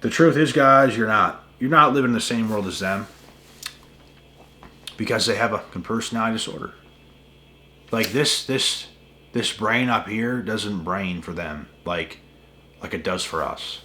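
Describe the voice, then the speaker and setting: A man's voice: on the low side, moderate pace, pauses often, sharp tone, slight background noise. A man hosting a spiritual channel, ranting to camera in an emphatic, repetitive way with a lot of swearing. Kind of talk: casual rant to camera.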